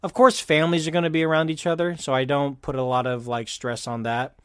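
A man's voice: fairly high pitch, flat delivery, quick pace, clean tone, dry recording. Rambling chatty man, dry sound. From California. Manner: chatty, rambling with fillers and restarts. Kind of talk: casual chat.

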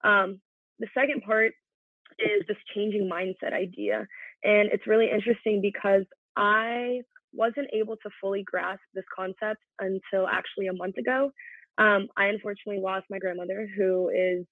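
A woman's voice: medium pitch, steady tone, normal speed, no room sound. A woman in her twenties, a podcast guest, talking in an earnest, reflective way, working through her feelings openly in casual conversation. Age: 20s. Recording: tinny phone-like line, dry.

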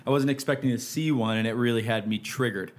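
A man improvising a comic story in a deadpan way, building the absurdity and laughing at himself. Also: mid-range voice, fast talker.

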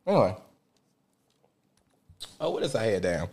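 A man, a podcast host telling a rowdy, profane story in casual chat, jumping between loud outbursts and muttered asides. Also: lowish voice, expressive, fast. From Memphis, USA. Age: 30s.

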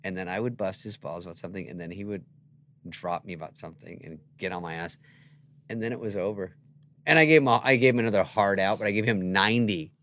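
A man who is a guest comedian, telling animated stories in a podcast interview and jumping into quoted voices. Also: sits low, fast.

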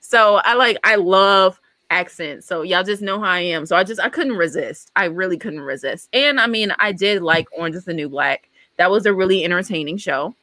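A woman's voice: fairly low pitch, lively intonation, normal speed, few pauses, bright, forceful tone, no room sound. A woman co-hosting a casual talk show, chatty and enthusiastic as she recommends a series. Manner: enthusiastic, chatty, many fillers. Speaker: co-host. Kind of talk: casual show review chat.

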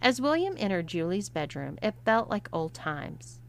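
Expressive woman storyteller. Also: mid-range voice, normal speed. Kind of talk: scripted story narration.

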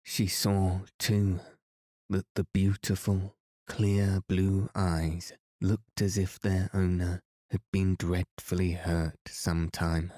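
A man narrating a classic novel as a calm sleep story podcast reading. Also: low-pitched, no room sound, studio quality. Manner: slow, calm and even. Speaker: podcast host and reader.

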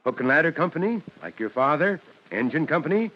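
An actor playing a kindly, formal middle-aged fire chief in a 1940s radio drama, speaking in a measured, fatherly way. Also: fairly high pitch, big pitch swings. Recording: dull old radio recording.

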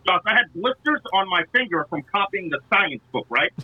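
A man's voice: sits high, very animated, fairly quick, bright, forceful tone, dry recording. A man calling in to a podcast, telling long rambling stories over dull, lo-fi audio. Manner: rambling storytelling with restarts. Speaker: guest calling in. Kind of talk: casual podcast chat.

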